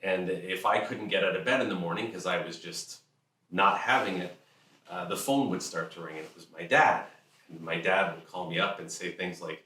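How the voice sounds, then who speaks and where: Middle-aged man, deep voice, bright forceful tone, earnest storytelling, echoey room, mic at a distance. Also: normal speed. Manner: earnest, candid, acts out family voices. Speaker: host telling a personal story. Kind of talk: personal storytelling talk.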